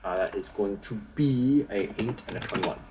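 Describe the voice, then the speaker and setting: A man narrating as game master in a relaxed, easygoing way. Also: lowish voice, moderate pace, noisy background.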